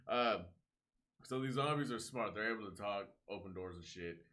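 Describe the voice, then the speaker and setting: A man's voice: medium pitch, normal speed. A young man co-hosting a podcast, telling a movie story in casual chat, swearing freely and acting out the characters' lines. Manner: animated storyteller, swears a lot, acts out voices. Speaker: podcast co-host.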